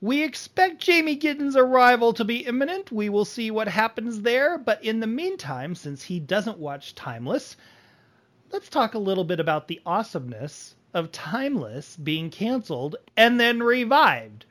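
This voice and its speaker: A man hosting a casual podcast, chatting with his guests in a lively way. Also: high-pitched, normal speed. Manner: lively, animated delivery. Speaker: podcast host.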